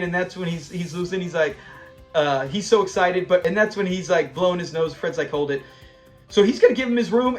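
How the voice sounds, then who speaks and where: A man casually reviewing a TV episode, eagerly retelling scenes and quoting lines. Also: sits high.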